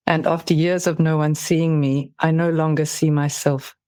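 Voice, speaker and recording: Podcast host, soft probing questions, reads a bit out loud, mid pitch, dry sound. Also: flat delivery, moderate pace, clear, resonant tone, no room sound. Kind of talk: interview questions and reading aloud.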